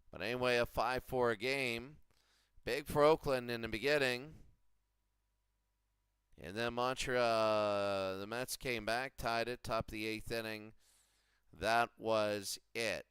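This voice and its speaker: A man's voice: mid-range voice, a bit bright, clear, resonant tone, no echo. A man doing casual play-by-play and recaps of a simulated baseball league, rambling and repeating himself as he goes. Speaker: video game commentator.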